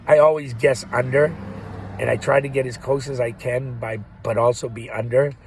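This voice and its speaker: A man's voice: mid-range voice, fairly even intonation, moderate pace, a little mellow, slight background noise, poor audio. A man rambling through a profane, laugh-filled monologue as a vlogger. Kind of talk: ranting monologue.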